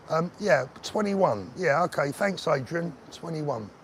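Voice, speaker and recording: Out on a street with faint traffic and passing cars in the background, a chatty man with a slightly high voice streams live from his phone while walking. He reads the chat and answers viewers by name, keeping the banter relaxed, and a little hiss or hum is audible.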